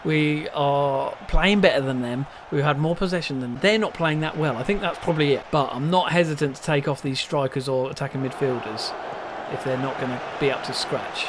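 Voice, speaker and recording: A man chatting casually at home while playing a football management game, rambling and bursting into excited shouts when chances come. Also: fairly high pitch, fairly quick, noisy background. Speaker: let's play host. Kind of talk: casual gameplay commentary. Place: at home at a desk.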